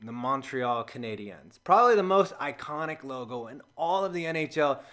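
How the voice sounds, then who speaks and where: An American man giving a sarcastic, jokey, scripted voice-over, with sudden loud outbursts between flat asides. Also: mid-range voice, normal speed. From United States. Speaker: comedy video host.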